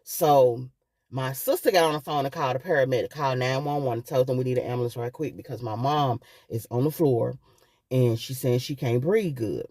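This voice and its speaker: A woman's voice: very deep voice, a little fast, mellow, dry recording. A middle-aged woman vlogging, telling a personal story with emotion and often calling her viewers "guys".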